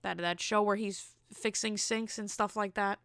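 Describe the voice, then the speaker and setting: A woman's voice: mid-range voice, steady tone, moderate pace, fairly bright tone, clean tone, no echo, studio quality. A woman hosting her own podcast, telling stories in a blunt, candid way with incredulous asides. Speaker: podcast host. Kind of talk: casual solo podcast monologue.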